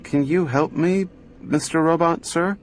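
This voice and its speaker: A man voicing a small, timid and very polite little girl in an audiobook, with a soft high voice. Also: unhurried, slight background noise, lightly acted. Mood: polite pleading.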